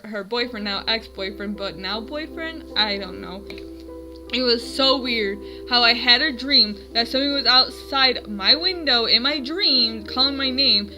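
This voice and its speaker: Young woman vlogger, very bright, slightly high voice, rambling and self-correcting, faint music behind. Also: low-quality recording. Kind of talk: casual storytelling vlog. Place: at home.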